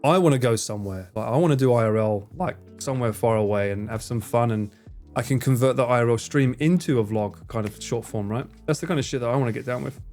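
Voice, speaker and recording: A young man chats casually on a live stream and answers his viewers. He swears freely and acts out what his friends said in higher voices. Faint music plays behind him. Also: quick pace, a little mellow.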